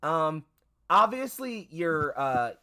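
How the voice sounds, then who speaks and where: A man's voice: a little high, very animated, takes it slowly, bright, forceful tone. A man running a tabletop game as game master, rambling through fillers and self-corrections, and swearing now and then. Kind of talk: narrating a tabletop game on stream.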